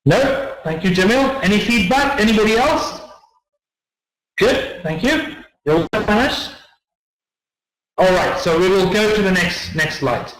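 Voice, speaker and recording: Guy teaching english test tips to a class, fairly high voice, repeats himself a lot, echoey classroom sound. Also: animated, a little slow, a bit bright. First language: not English. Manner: explanatory, repeats words, checks in with students. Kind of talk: classroom lecture.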